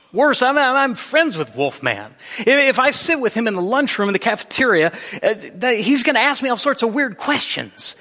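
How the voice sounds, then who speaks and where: A pastor preaching a sermon, telling a story with shifting emphasis. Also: male voice, very high-pitched, bright, forceful tone, big-room sound.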